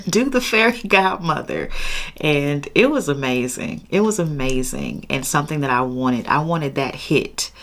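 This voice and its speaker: A woman casually telling a personal story, expressive and laughing as she goes. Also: a bass voice.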